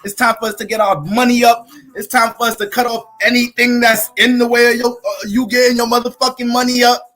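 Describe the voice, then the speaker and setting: A man hosting an astrology livestream from his family home, hyped and profane, shouting out viewers in casual chat. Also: extremely high pitch, level tone, fairly quick, soft background music, low-quality recording.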